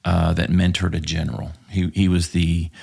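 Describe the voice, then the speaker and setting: Gravelly low-voiced man from Texas. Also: flat delivery, normal speed, darkish tone. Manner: profane, hesitant with many fillers. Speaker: podcast guest, former police officer. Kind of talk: casual storytelling.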